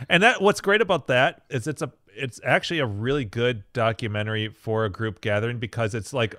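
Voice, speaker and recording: A man chatting casually with friends on a podcast, tossing in quick agreement and relaxed comments. The sound is dry and close, with no room around it. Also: medium pitch, dry recording. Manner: quick interjections and laid-back agreement. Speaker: podcast co-host. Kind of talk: casual chat.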